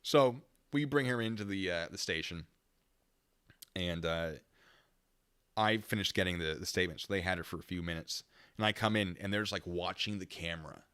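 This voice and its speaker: Low-voiced, bright, rambling male storyteller. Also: normal speed, clear, resonant tone, no echo. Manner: rambling, self-correcting storyteller. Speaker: former military police investigator. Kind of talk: casual anecdote on a stream.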